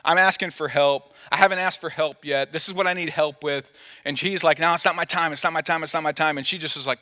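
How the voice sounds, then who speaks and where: A man's voice: a little high, steady tone, a little fast, sharp tone. A man preaching a sermon as pastor, telling a story playfully and acting out the quoted dialogue. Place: church auditorium. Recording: long hall reverb.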